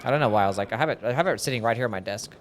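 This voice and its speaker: A man's voice: medium pitch, racing, slight background noise. A man chatting casually on a live game stream, rambling with lots of fillers as he answers chat. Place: home desk.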